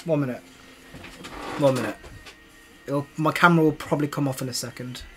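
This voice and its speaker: A man's voice: a little high, fairly quick, fairly bright tone, faint music behind. A young man live-streaming a video game, cursing and ranting at himself in casual commentary. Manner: swears a lot, exasperated ranting, talks to himself.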